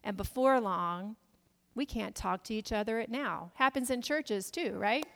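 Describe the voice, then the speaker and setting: A woman's voice: a little high, a little slow, fairly bright tone, long reverb tail. A woman pastor preaching a sermon in a conversational, storytelling way, often asking the congregation questions.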